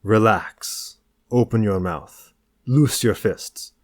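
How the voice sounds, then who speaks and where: A man's voice: lowish voice, slow pace, no room sound, studio quality. Philippe, a man doing a French seducer. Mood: commanding. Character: languid, intense French man, a seductive stranger.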